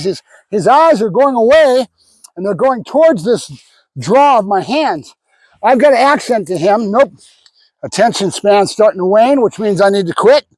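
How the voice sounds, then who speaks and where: A man's voice: sits high, a little mellow, no room sound. A man working as a dog trainer, explaining his method during a hands-on session while giving a dog short praise cues.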